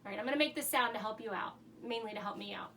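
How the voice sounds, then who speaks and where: Hosting a children's show from a home laundry room, a woman cheers on young viewers as they guess animals in charades, speaking to the kids at home in an animated, encouraging way. Her voice is on the high side and very fast. She's a bit away from the mic, with a faint room hum.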